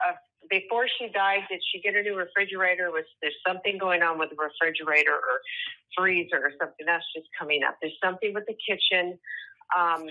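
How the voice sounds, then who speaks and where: A woman giving psychic readings over the phone, hesitant and gentle with many fillers. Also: mid-range voice. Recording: tinny phone line.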